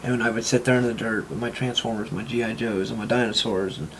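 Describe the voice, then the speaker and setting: A man, chatting excitedly in an interview about his collection, rambling and laughing often. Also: on the low side, fast, slight background noise. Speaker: interview guest, toy collector. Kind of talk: casual interview chat.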